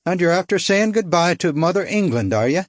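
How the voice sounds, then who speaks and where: A talkative Irish sailor put on by a male narrator chats away with jovial lilt, his voice lifted noticeably higher than the narration. He is friendly and easygoing. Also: lively intonation, fairly quick, no room sound, clean studio sound. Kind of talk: audiobook character voice.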